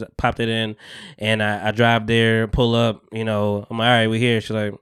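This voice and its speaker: A man's voice: fairly low pitch, steady tone, normal speed, a bit bright, clean tone, dry recording, studio quality. A man co-hosting a podcast, telling a profane story with laughs and acting out both sides of the conversation. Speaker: podcast co-host.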